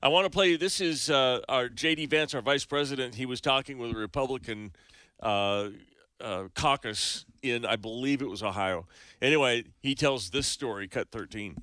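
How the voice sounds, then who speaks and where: A man co-hosting a radio talk show, chatty and often halting with ums while telling stories. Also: medium pitch, pushed and bright, dry recording, clean studio sound. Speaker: radio news co-host. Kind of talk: casual radio chat. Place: radio studio. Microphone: studio mic.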